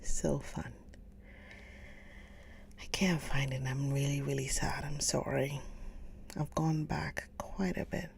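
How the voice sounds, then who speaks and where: A woman hosting a live stream, chatting casually with viewers, gushing over books and often slipping into a soft whisper. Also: low-pitched, fairly even intonation, takes it slowly, vocal fry, pauses often, slight background noise. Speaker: livestream book reader host. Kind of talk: casual livestream chat.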